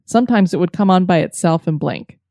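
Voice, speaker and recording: Woman, co-host, steady reader, dry voice. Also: lowish voice, brisk, no room sound. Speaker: podcast co-host. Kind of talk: reading listener stories aloud.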